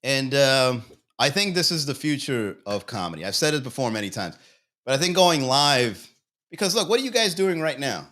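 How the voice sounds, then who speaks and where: This is a man hosting a loose comedy livestream, rambling from bit to bit with plenty of swearing. He chuckles at his own jokes and talks straight to the viewers in chat, in a voice of ordinary middle pitch for a man. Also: very animated, moderate pace, fairly bright tone. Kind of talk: casual livestream banter.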